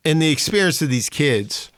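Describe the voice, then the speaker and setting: Lively-pitched man chatting about a film. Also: normal speed, smooth, no room sound, studio quality. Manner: lively, chuckling, jumps in with details. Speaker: podcast co-host. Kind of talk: casual film discussion.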